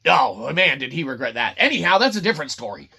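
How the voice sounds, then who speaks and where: A man's voice: on the high side, big pitch swings, fast, gravelly, sharp tone, breathy edge. A man hosting a snack review, rambling and sarcastic with lots of swearing and silly voices. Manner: profane, sarcastic, jumps between silly voices.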